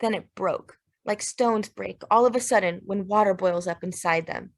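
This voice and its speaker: A woman narrating a literary audiobook in a steady, measured, plain way. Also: medium pitch.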